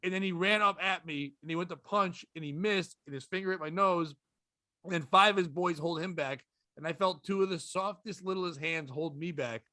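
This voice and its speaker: A man, a comedian guest, telling a story with casual profanity and deadpan delivery on a podcast. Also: high voice, normal speed, no echo, clean studio sound.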